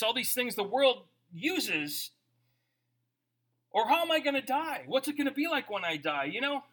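Lively, bright-voiced male preacher. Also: high-pitched. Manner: animated, conversational preaching with rhetorical questions. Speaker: pastor. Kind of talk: sermon.

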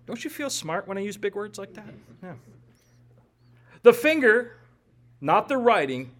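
A man with a rather high voice teaches through a scripture passage verse by verse. He lectures with firm emphasis and now and then drops a dry, joking aside. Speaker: Bible teacher.

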